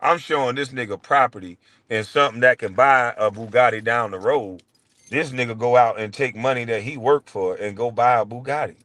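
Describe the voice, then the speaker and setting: A man's voice: a little fast, dry recording. Blunt, profane man ranting. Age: middle-aged. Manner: profane, blunt, jumps between low mutters and loud outbursts. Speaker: show host. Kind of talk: heated livestream rant.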